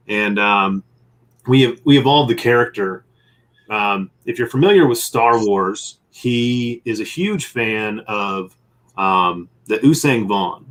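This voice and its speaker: Sketching as he talks, this man tells a long, rambling tale in a relaxed interview and voices snippets of dialogue along the way. He's a comic publisher and guest who runs games for his group, speaking slowly in a medium-pitched, fairly bright voice.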